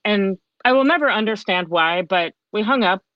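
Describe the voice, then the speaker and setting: A woman's voice: mid-range voice, animated, moderate pace. A woman speaking as a podcast guest, telling her own story in a candid, chatty way. She acts out the lines she quotes. Her voice sounds a little dull and dry, with no room echo. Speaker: podcast guest, author and coach. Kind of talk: personal storytelling in a conversation.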